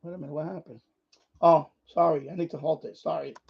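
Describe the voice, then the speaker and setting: A man's voice: fairly high pitch, steady tone, a little fast, vocal fry, slightly rough. A man hosting a ham radio live stream, talking viewers through a casual demonstration while he handles his gear, rambling and restarting his sentences. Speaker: ham radio livestream host. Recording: dull lo-fi stream audio.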